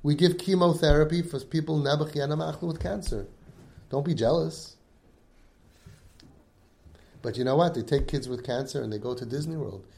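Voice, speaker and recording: Emphatic man a dark voice. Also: a little high, moderate pace, vocal fry, pauses often, slight background noise. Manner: emphatic, acts out children's pleas, mixes in Yiddish and Hebrew words. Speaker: group leader speaking to siblings. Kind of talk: impassioned talk to a support group.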